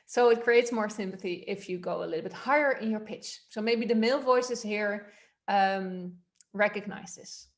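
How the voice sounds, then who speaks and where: A woman's voice: medium pitch, moderate pace. A woman voice coach giving a workshop, explaining techniques in a loose, conversational way and demonstrating them aloud. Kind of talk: workshop instruction.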